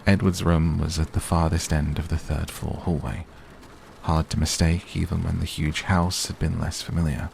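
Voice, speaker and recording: Brief: a very deep, gravelly man in a soothing whispered role-play sleep story, faint rain behind. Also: little pitch movement, slight background noise. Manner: soft, soothing, unhurried. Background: faint rain ambience.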